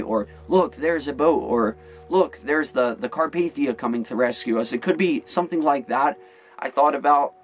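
Rambling man vlogging in an attic. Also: medium pitch. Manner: rambling, filler-heavy, earnest. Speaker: paranormal vlogger. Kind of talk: casual vlog talk to camera.

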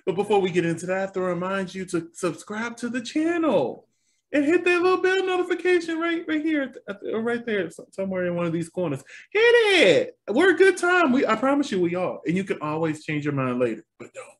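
A man co-hosting a casual review chat, and his voice sits high for a man. It swings up and down all the time, with an animated, exclamatory energy, and he laughs often. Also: fairly quick. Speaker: co-host of a review show.

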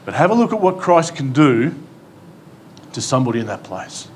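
A man's voice: medium pitch, very animated, moderate pace, darkish tone, slight background noise. A man with an Australian accent, a pastor preaching a sermon in an emphatic, pleading way, with rhetorical questions and humor. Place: church hall.

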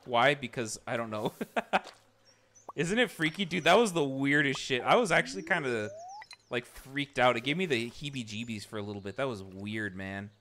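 A male streamer chatting casually with his viewers while playing, excitable and swearing freely as he reacts to the game. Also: mid-range voice, brisk, a little hiss or hum. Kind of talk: casual live gameplay chat.

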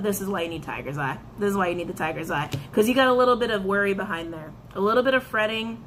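Woman, tarot reader, animated, repeats phrases, mid pitch, faint noise. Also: quick pace, hardly any pauses. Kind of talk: tarot and crystal reading.

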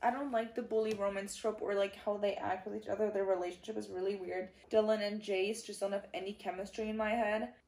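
A woman's voice: mid-range voice, little pitch movement, brisk, few pauses, a little mellow. A tired young woman chatting casually as a book vlogger, rambling and reacting dramatically. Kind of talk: casual vlog chat. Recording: echoey room.

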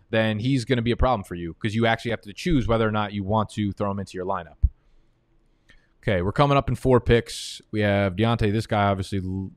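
Profane, excitable fantasy football host. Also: male voice, on the low side, no room sound, studio quality. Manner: frustrated, profane ranting; fast, excitable talk. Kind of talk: live mock draft commentary.

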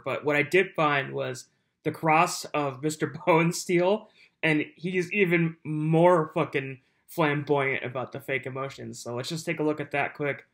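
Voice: medium pitch, fairly bright tone. A YouTube host chatting casually and mockingly while commenting on courtroom clips, often laughing.

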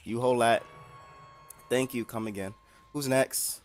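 A young man casually commenting on his own gameplay, joking and trash talking the other players with sudden bursts of excitement. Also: mid-range voice, unhurried, faint music behind. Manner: animated, jokey trash talk to opponents, bursts of excitement. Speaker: gaming streamer.

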